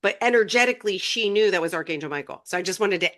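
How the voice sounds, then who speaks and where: A woman's voice: medium pitch, lively intonation, quick pace, fairly bright tone. A woman co-hosting a spiritual podcast, chatting casually and animatedly about her experiences. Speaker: podcast co-host.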